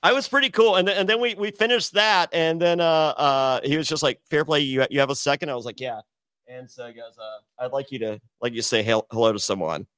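A man's voice: medium pitch, fairly quick, fairly bright tone, clear, resonant tone, dry recording, studio quality. A middle-aged man, a podcast guest, telling a long rambling story in casual chat, with many restarts, and acting out the voices of the people in it.

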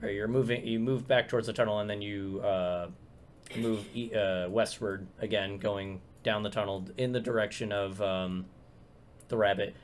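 A man running a tabletop game as game master, talking in a halting way with many fillers and restarts. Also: lowish voice, steady tone. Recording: loud background guitar music.

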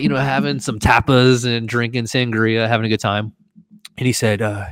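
A man hosting a podcast, telling a travel story in a casual, animated way and acting out the voices of the people in it. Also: medium pitch, normal speed, no room sound. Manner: animated, acts out quoted voices. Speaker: podcast host.

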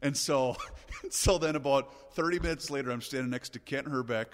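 A middle-aged man, a radio host, telling a long story in an animated, casual way and laughing often. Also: mid-range voice, normal speed, long reverb tail, a little hiss or hum.

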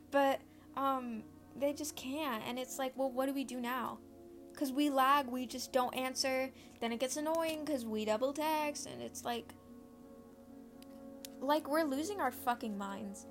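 A high, bright-toned teenage girl rambles through a casual home podcast, swearing freely and drifting off her point. Faint music plays underneath her. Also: unhurried. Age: teens. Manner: chatty, rambling, easily distracted, swears freely. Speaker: podcast host.

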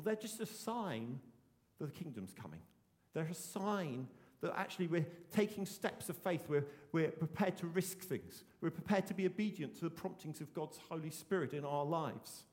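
A man delivers an earnest sermon, stressing his points and circling back to the same phrases. His voice sits high for a man. The sound carries a long reverb, as in a church hall. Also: darkish tone. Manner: earnest, emphatic preaching with repeated phrases. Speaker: pastor.

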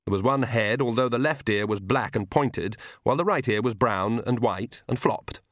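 A man's voice: medium pitch, moderate pace, dry recording. A man reading a comic fantasy audiobook, telling the story in a dry manner. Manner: dry storytelling, voices characters. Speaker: audiobook narrator.

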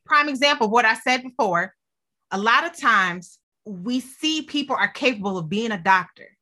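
Bright high-ish woman, animated storyteller, big exclaims. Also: normal speed. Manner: lively storyteller, exclaims and hypes points. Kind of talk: faith-based casual chat.

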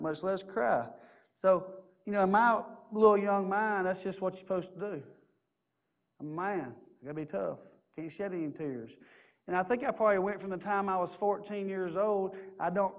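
A middle-aged man preaching a sermon, earnest and personal, telling stories and repeating key phrases. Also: high voice.

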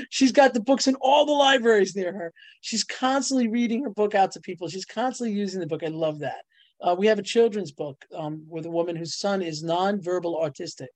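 Bubbly middle-aged woman telling lively stories. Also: mid-range voice, no echo. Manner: bubbly storyteller, laughs often, voice jumps up on punchlines. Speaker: guest, ghostwriter and publisher. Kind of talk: animated casual interview talk.

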